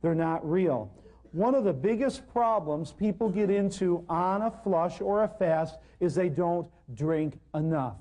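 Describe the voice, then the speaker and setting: A man with a high but mellow voice gives a live seminar talk on natural healing. He is animated and joking, slipping into little acted dialogues with his patients. He drives his points home by repeating them. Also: unhurried, highs cut off. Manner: emphatic, repeats points for effect.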